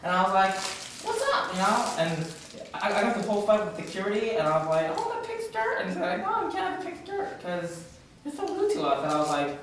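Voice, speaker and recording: A man playing a ditzy teenage valley girl who gushes without pause and swings her voice up and down in sing-song gossip. The sound is roomy and far from the mic, with clear noise behind. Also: high voice, big pitch swings, fairly bright tone, full character voice. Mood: gossipy. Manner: gushing, endless "and I was like" chatter. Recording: echoey room from far off with noise.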